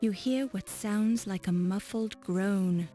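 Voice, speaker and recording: A woman's voice: mid-range voice, mellow. A woman streaming a game, chatting and reading its text aloud with stumbles and restarts. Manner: unhurried, reads with stumbles and restarts. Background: faint game music.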